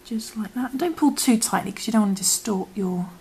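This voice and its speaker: A woman gently talking a beginner through a crochet project, her voice slipping in and out of a whisper. Her tone has a gravelly edge and sounds a little worn out, with a faint hiss of noise underneath. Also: on the high side, brisk, rough recording. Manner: soft, half-whispered instructions while working. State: losing her voice. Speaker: crochet teacher. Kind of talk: step-by-step craft tutorial.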